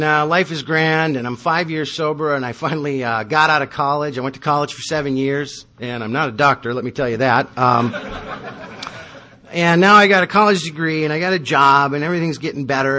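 Wry self-mocking man, bright voice. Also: medium pitch. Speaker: recovery meeting speaker. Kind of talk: personal testimony with self-deprecating humor.

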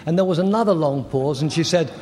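An older man in his sixties giving personal testimony as a recovery meeting speaker, halting, candid and self-deprecating. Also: fairly high pitch. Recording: echoey hall with faint noise.

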